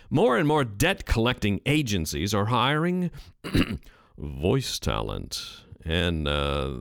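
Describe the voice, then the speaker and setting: A man's voice: fairly low pitch, dry recording. A man hosting a podcast, talking through his ideas in a casual, rambling solo commentary from his home studio. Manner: animated, rambling, thinks aloud. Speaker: podcast host. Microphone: studio microphone.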